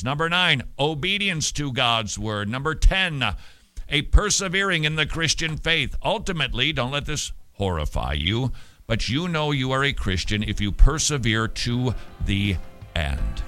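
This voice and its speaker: A man hosting a radio show, preaching with emphatic stresses and sudden loud words. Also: medium pitch, no echo. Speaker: radio host.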